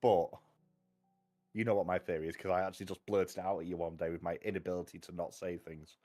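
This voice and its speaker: Guy on a video call chatting books, deep-ish, keeps restarting his sentences, bit of music behind. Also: flat delivery, fast talker, mellow. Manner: rambling, self-interrupting, wry. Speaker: booktube host. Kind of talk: casual chat.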